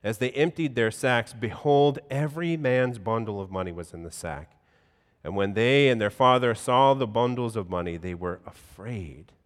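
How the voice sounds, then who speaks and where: A pastor reading scripture aloud in a measured, solemn way, then preaching a sermon in a church. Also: male voice, mid-range voice. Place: church sanctuary. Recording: long hall reverb.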